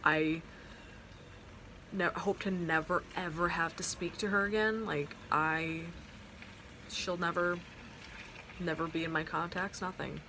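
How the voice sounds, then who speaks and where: A woman's voice: on the low side, fairly even intonation, a little slow, pauses often, background noise. Young woman rambling through a heartfelt story. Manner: rambling, heartfelt storytelling with many fillers and restarts. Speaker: vlogger. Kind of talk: casual storytime vlog. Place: at home by an open window. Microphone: phone camera.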